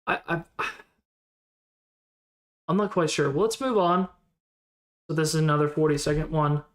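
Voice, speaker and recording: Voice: medium pitch, normal speed. A streamer in casual live-stream commentary, thinking aloud in a rambling, unsure way and replying to chat in passing.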